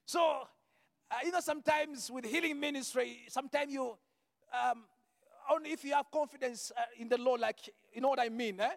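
High-voiced fervent male preacher. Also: normal speed, vocal fry, dry recording, clean studio sound, big-room sound. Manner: fervent, breaks into shouted declarations between quieter asides; repeats words as he restarts a phrase. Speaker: visiting preacher. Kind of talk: sermon with healing testimony.

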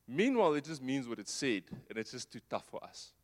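A man preaching at a middle pitch in a loose, conversational way, with a long reverb trailing every phrase. He leans on rhetorical questions and drops to a hushed low voice when he lands a point. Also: big pitch swings, fast. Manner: drops to a soft low voice for emphasis. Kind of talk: sermon.

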